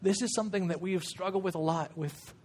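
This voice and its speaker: A man's voice: high-pitched, quick pace, a little mellow, a little hiss or hum. A middle-aged man giving a casual, jokey sermon as guest preacher, often acting out quoted voices.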